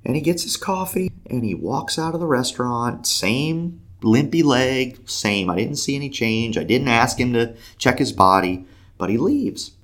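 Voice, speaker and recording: A man telling a faith story in a lively conversational way, acting out the voices of the people in it. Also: medium pitch, normal speed. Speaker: podcast guest telling a story. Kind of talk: animated storytelling.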